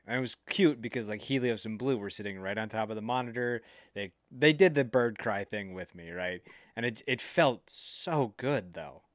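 A man's voice: mid-range voice, fairly bright tone, no echo, clean studio sound. A man co-hosting a podcast on a video call, rambling loosely, swearing freely and laughing often. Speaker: podcast co-host and producer. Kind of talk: casual chat.

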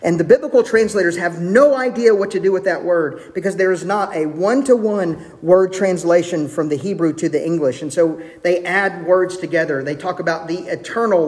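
A man preaching a sermon as pastor, earnest, with shifts of pace and soft, hushed quoted lines. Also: high voice, moderate pace, few pauses. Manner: earnest, varies pace, drops to soft intimate tones for quotes. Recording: long hall reverb.

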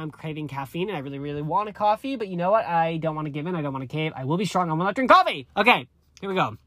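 A man's voice: on the high side, expressive, very fast, pushed and bright, no room sound. A man in his thirties hosting a solo pop culture gossip podcast, reading news stories aloud with campy, gushing asides and frequent self-corrections. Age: 30s. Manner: campy and gushing, calls listeners honey. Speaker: podcast host.

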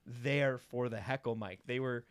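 A man, a comedian in a casual chat, who talks excitedly and laughs often. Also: mid-range voice, unhurried, clear, resonant tone. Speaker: comedian guest.

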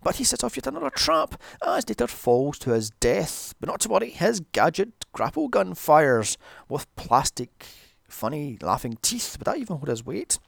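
A man's voice: on the high side, wildly swooping pitch, moderate pace, gravelly, no echo, clean studio sound. A man giving a sarcastic, profane recap of a movie, mocking it with exasperation. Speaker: movie reviewer. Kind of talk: sarcastic comedic film recap.

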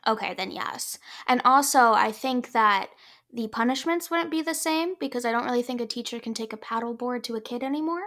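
High bright-voiced young woman. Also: fairly quick. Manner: reflective, earnest, laughs easily. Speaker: guest actress. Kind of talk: casual podcast chat.

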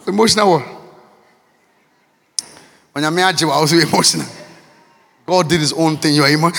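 A man preaching a sermon. He is impassioned and repetitive, swinging between shouts and near-murmurs. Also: a little high, a little fast, pauses often. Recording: long reverb of a large hall.

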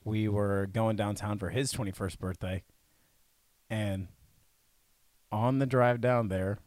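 A young man with a fairly low voice tells a rambling anecdote, acting out bits of it as he goes. The sound is close and dry, with no room around it. It is relaxed podcast chat. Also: takes it slowly, dry recording. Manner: rambling, animated anecdotes with put-on quotes. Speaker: podcast co-host. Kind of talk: casual chat, storytelling.

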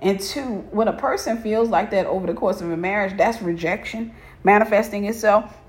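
A woman's voice: medium pitch, moderate pace, roomy sound. A woman telling a personal story to her viewers, stressing points by repeating phrases. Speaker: faith and relationship talk host.

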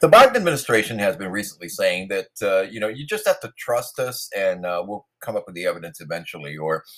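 Rambling, animated male political commentator. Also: low-pitched, fairly quick. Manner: sarcastic, rambling with many fillers. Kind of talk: opinionated monologue. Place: New York City.

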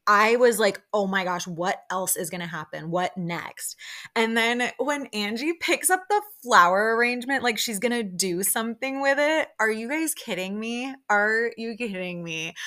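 A young woman hosting a podcast, chatting excitedly about a show with lots of fillers and quick quoted reactions. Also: medium pitch. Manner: chatty, excitable, lots of "like" fillers, quoting people in lively bursts. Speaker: podcast host. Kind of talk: casual solo recap chat.

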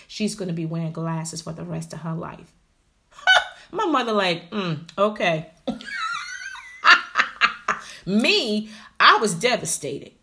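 A middle-aged woman vlogger telling a story to her viewers in a chatty, animated way, often calling them honey and y'all, going from loud bursts to hushed asides. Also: fairly low pitch, vocal fry.

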